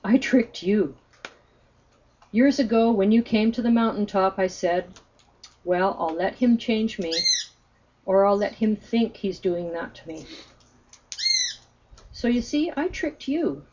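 A woman's voice: medium pitch, takes it slowly, long pauses, dark tone, a little hiss or hum, natural voice. A woman reading the part of a defiant, frustrated man who speaks insistently, on a slightly muffled recording. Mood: tearful.

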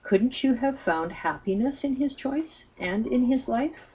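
A woman narrating a spiritual story in a gentle, earnest way, on a slightly muffled recording. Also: fairly high pitch, lively intonation, measured pace, husky.

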